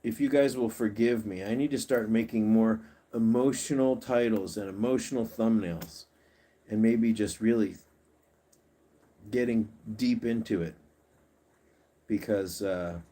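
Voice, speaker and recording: A man with a fairly low voice hosts a casual livestream. He coaxes his pets along and chats easily with the viewers. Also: a little slow, warm tone. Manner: coaxing, chatty, talks to his pets and reads viewer comments. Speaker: pet channel host.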